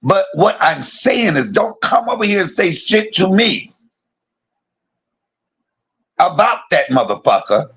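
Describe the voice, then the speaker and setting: Gravelly, husky man ranting on a stream. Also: high-pitched, sing-song, slow, long pauses, a bit bright. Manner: profane, confrontational, repeats himself. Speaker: live streamer. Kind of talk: heated livestream rant.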